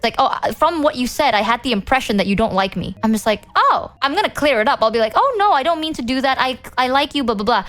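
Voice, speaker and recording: A woman's voice: a little high, fairly bright tone. A young woman streamer talking casually to her chat, rambling and self-doubting, often restarting her sentences. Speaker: VTuber streamer.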